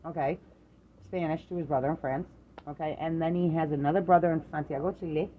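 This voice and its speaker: Animated, foul-mouthed middle-aged parent. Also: mid-range voice, fast, lo-fi sound, a little hiss or hum. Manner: animated storyteller, swears freely, acts out quoted voices. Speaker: parent chatting with adult daughter. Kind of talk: casual family chat.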